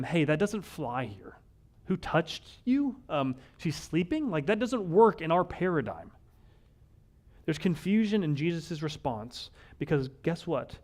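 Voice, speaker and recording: Man preaching, fairly high voice, wry, casual, acts out quotes. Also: darkish tone. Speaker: pastor. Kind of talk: sermon.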